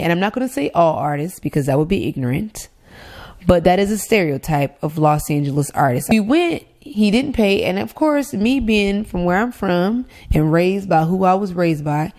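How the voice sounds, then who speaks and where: A woman hosting her own show, telling a dating story in a candid, animated way and swearing freely. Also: low voice. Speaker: podcast host. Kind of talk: casual storytelling. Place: Los Angeles.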